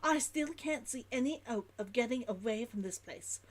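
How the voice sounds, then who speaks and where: A woman's voice: fairly high pitch, animated, moderate pace. A woman reading out a weary stranded merchant's log in a put-on Old London accent, dropping her H's with a theatrical Victorian delivery. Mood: weary, grim.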